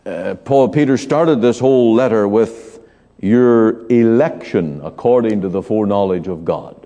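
A man preaching an evening sermon in a church, slow and emphatic with dramatic pauses. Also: lowish voice, warm tone. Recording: long church hall reverb.

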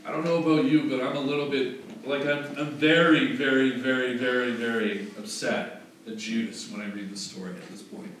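A pastor with a fairly high, slightly bright voice preaches a conversational sermon, correcting himself along the way and building toward emphatic rhetorical questions. The room is very echoey, the mic sits at a distance, and there's faint noise.

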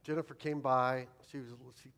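A man's voice: mid-range voice, flat delivery, a little fast, fairly bright tone, smooth. A man preaching as a pastor, telling a humorous, self-deprecating childhood story in a sermon.

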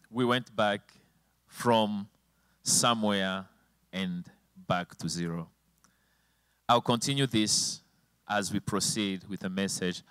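A man's voice: lowish voice, fairly bright tone, dry recording. Emotional male preacher, dry sound. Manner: emotional storytelling, voice rising and falling sharply. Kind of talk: sermon with personal testimony. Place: church with slides and a helper at the computer.

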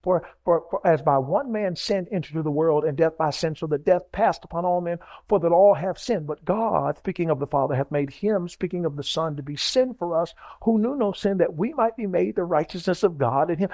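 Preacher man, kinda high voice, rhythmic delivery, keeps asking the church for an amen. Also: lively intonation, a little fast, warm tone. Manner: rhythmic preaching with call-and-response to the congregation. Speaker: pastor. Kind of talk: sermon.

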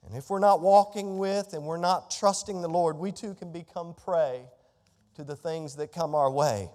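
A man preaching a sermon in a church, building from quiet scripture reading to emphatic declarations. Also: a little high, moderate pace, in a large hall. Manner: rising to emphatic, near-shouted declarations. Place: church sanctuary.

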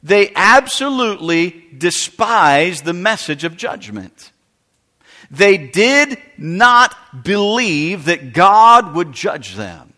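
Man, preacher, high voice, sermon, emphatic, big echoing hall. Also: very animated, slow pace. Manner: emphatic preaching with wide swings in loudness. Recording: long reverb of a large hall.

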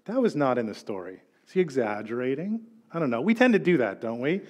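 A middle-aged male pastor giving a sermon, telling a story with animated delivery and acted-out quotes. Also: mid-range voice, quick pace.

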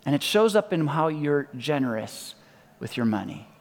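A man preaching a sermon as pastor, emphatic, repeating key lines and dropping to soft, quiet endings. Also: on the high side, sing-song, moderate pace, gravelly. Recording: long reverb of a large hall.

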